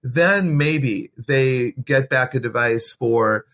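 Man, podcast guest, earnest, encouraging, preacherly, mid pitch. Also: slow, fairly bright tone. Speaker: parenting author and guest. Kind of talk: conversational podcast interview.

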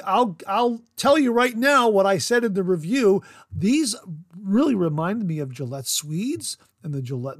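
A man's voice: high-pitched, no echo, clean studio sound. A man hosting a podcast, reviewing a product in casual, enthusiastic chat and often repeating words for emphasis. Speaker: podcast host.

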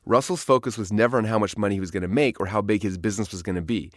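Man, author narrating his book, studio, dead dry sound, quick pace. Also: on the low side, dry recording. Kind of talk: audiobook narration. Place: recording studio.

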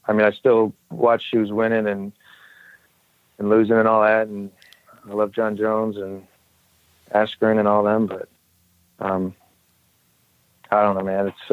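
A man's voice: on the low side, dry recording, narrow, tinny audio. Laid-back man telling war stories. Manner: relaxed storytelling, self-deprecating, laughs often. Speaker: guest, former special operations soldier. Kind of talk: casual podcast chat.

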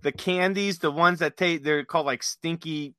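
A man's voice: a little high, steady tone, moderate pace, fairly bright tone, clear, resonant tone, no echo. A man telling prank stories in casual chat, rambling with many fillers and restarts. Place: workplace with dispatchers.

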